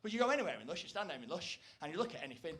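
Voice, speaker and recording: A man performing a rambling, self-deprecating stand-up comedy set on stage, breaking into loud, shrill impressions. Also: very animated, racing. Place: stage before a live audience.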